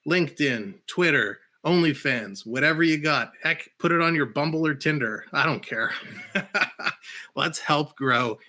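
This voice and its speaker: A man hosting a casual live-stream of hockey play-by-play and chat, who bursts into shouts on big plays. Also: mid-range voice.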